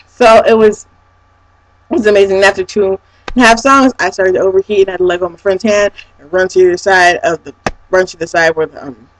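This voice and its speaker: A young woman vlogger excitedly telling a personal story, gushing and swearing freely. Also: mid-range voice, fairly quick, poor audio. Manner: gushing, breathless, swears a lot.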